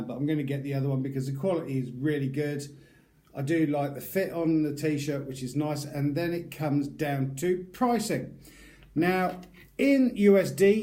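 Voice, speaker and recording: Middle-aged British YouTuber with a mellow, relaxed voice; loose and informal, talking through a review. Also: male voice, mid-range voice. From United Kingdom. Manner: chatty, rambling, loose and informal. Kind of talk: casual product review.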